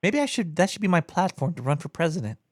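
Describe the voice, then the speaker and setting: A man hosting a call-in comedy show, bantering loosely with a caller in a joking, deadpan way. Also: on the high side, quick pace, no room sound, studio quality. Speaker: radio show host taking calls.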